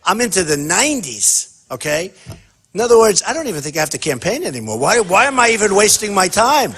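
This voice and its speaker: A man's voice: high-pitched, very animated, fairly quick, a bit bright. A man giving an off-the-cuff campaign speech at a town hall, boastful and rambling, often repeating himself. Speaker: political candidate at a town hall.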